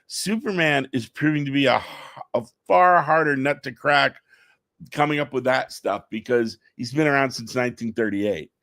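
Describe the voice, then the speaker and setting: A middle-aged man chatting excitedly in an interview, telling stories fast with stammered restarts. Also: mid-range voice, vocal fry, dry recording, studio quality. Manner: enthusiastic, rapid storytelling with stammered restarts. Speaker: comic book writer guest. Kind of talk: excited podcast interview chat.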